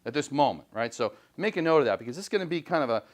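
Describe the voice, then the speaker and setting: A man teaching a high school English class, chatty and full of questions to the students. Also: sing-song, very fast. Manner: chatty, questioning, frequent "right?". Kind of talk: classroom lecture and discussion.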